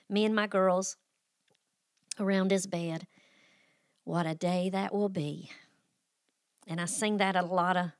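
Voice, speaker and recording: A woman's voice: medium pitch, a bit bright, dry recording, clean studio sound. Folksy woman telling a story. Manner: emotional, folksy, with sighs and restarts. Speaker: podcast host. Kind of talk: personal storytelling on a faith podcast.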